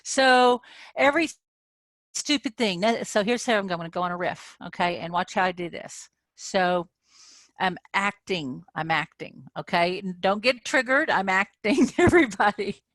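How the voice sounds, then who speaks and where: A woman who works as a manifestation coach speaks informally to her members online, checking in often with "okay?" Acting out frustration makes her animated. Her mid-range voice moves at a normal speed, and the recording has no echo.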